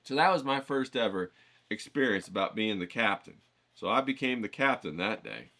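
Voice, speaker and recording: A man hosting a writing challenge, telling a childhood story in an animated, chatty way and then coaching his viewers to write. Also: lowish voice, normal speed. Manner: animated anecdotal telling, acts out quoted voices; coaching, rallying tone. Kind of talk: casual storytelling lesson.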